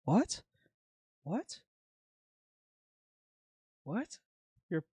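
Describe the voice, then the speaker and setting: A woman's voice: on the low side, lively intonation, normal speed, a little mellow, dry recording. A woman streamer giving casual live reaction commentary, blunt and incredulous, swearing freely.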